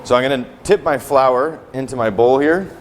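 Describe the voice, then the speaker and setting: A man's voice: mid-range voice, moderate pace, a little hiss or hum. Casual chatty male cooking instructor. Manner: casual, tags sentences with "right?" and "okay?". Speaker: culinary instructor. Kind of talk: cooking class demonstration. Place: teaching kitchen.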